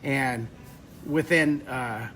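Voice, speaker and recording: A man in his fifties teaches drawing on a live webcast, speaking extremely slowly in a mid-range, slightly bright voice over a little hiss or hum. Between drawing steps he rambles into emotional stories.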